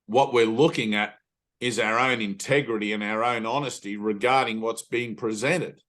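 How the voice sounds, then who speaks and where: A man's voice: fairly low pitch, steady tone, normal speed, a bit bright. A middle-aged man giving an earnest spiritual teaching talk, emphatic, swearing casually, and often checking in with "right?". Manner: frequent "right?" tag questions.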